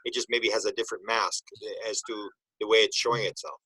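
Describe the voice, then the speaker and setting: A man's voice: on the low side, flat delivery, a little fast, pushed and bright, slightly rough, no echo, low-quality recording. A man hosting a casual group discussion, reflective and thinking aloud. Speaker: host.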